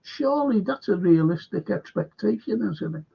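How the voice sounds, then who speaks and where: A man's voice: sits high, big pitch swings, moderate pace, vocal fry, slightly rough. A man hosting a fan football show, ranting heatedly and swearing constantly as he repeats himself. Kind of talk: angry ranting talk-show monologue. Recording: dull lo-fi sound.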